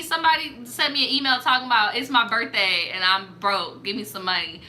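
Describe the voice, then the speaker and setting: A young woman hosting a casual storytime show, giving blunt, profane advice with animated reactions. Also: medium pitch, unhurried, a little hiss or hum.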